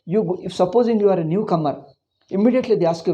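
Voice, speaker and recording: A man's voice: high voice, rapid-fire, mellow. A man with an Indian English accent teaching a Sanskrit class, ranting with emphasis and then going through word meanings. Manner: explaining word meanings one by one. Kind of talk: informal class lecture.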